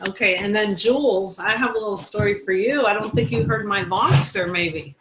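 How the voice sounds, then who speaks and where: A woman's voice: medium pitch, normal speed, roomy sound, background noise. A woman leading a casual team talk, telling chatty stories and laughing easily. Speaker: team leader.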